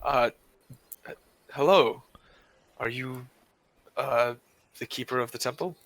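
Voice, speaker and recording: A man's voice: mid-range voice, takes it slowly, creaky, fairly bright tone, no room sound. A man at a tabletop game, speaking for his character in a hesitant, stuttering, polite way. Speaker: player.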